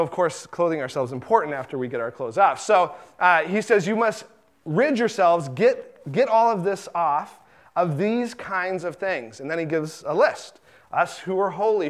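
Conversational preacher, a man with a slightly high voice. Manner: conversational, repeats words, acts out quoted lines. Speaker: pastor. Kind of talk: sermon.

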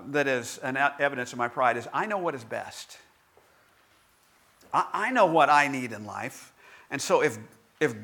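A man giving a conversational devotional talk in a candid, self-deprecating storytelling manner, with halting restarts. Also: on the high side, bright, forceful tone. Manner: halting restarts and filler words.

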